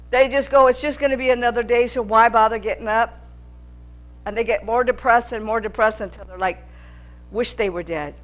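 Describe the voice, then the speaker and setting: Woman preacher with a somewhat high voice, earnest and repetitive, teaching scripture. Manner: earnest, repetitive preaching that gets louder with emphasis. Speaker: Bible teacher. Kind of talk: sermon teaching.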